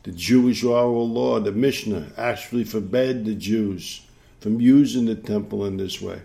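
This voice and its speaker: A man's voice: fairly low pitch, moderate pace, creaky, warm tone. A man preaching a sermon, emphatic, repeating key phrases and pressing the listeners with rhetorical questions.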